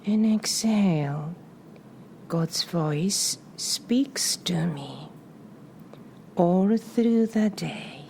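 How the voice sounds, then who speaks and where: A woman leading a guided meditation in a soft voice that often drops to a breathy whisper, repeating short phrases and calm cues with long pauses in between. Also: fairly low pitch, a little hiss or hum. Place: live session in front of a small audience.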